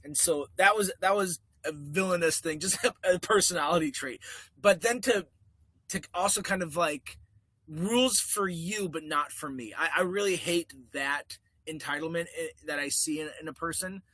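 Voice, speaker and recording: A man co-hosting a podcast in casual chat, animated and laughing often as he talks things over. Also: fairly high pitch, moderate pace, no room sound. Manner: animated, quotes people in put-on voices, laughs often. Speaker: podcast co-host.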